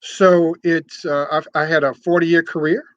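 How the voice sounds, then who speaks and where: Speaking a little high in a level, fairly bright tone, an older male guest talks at a measured pace about his years in radio, where he was a sales manager. He explains at length, often repeating words as he starts over. The muffled recording has no echo.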